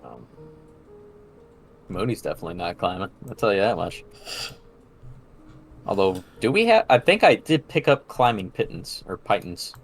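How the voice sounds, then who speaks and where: A man's voice: fairly low pitch, moderate pace, long pauses, faint music behind. Man, tabletop player, bouncy intonation, wry jokes. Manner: joking, wry, lively. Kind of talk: casual tabletop game play.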